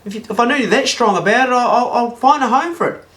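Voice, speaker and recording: A woman's voice: on the high side, fast talker, a bit bright, voice pushed up, natural voice. A man with a New Zealand accent voicing his young girlfriend, who is dismissive and then apologetic, in a told story. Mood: pleading. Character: fed-up young woman, the narrator's girlfriend.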